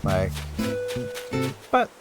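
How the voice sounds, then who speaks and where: A man rambling casually while playing a video game, chatty and self-deprecating, with game music behind him. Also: drawn-out words. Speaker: gaming vlogger. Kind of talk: casual gameplay commentary.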